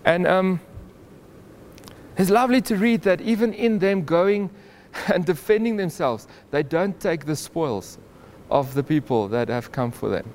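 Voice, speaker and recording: A man retells a Bible story in an informal, animated way, chuckling now and then and often restarting his sentences. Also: sits high, measured pace, a little hiss or hum. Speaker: Bible teacher.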